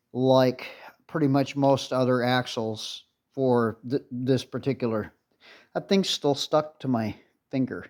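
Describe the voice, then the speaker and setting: A restoration video maker with a mid-range, slightly mellow voice talks casually through a tractor repair in his workshop. He's blunt and rambling, and swears when irritated.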